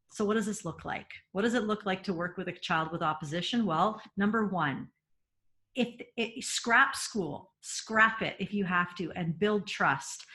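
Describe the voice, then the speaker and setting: A woman's voice: medium pitch, a bit bright. A middle-aged woman hosting a parenting webinar, talking earnestly and emphatically, laughing often and repeating words as she goes.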